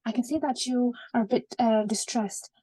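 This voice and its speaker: Woman doing a mock doctor consult, soft mellow voice, lots of um and all right. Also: fairly high pitch, steady tone, moderate pace, breathy edge. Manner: polite, reassuring, many fillers. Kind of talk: role-play clinical consultation.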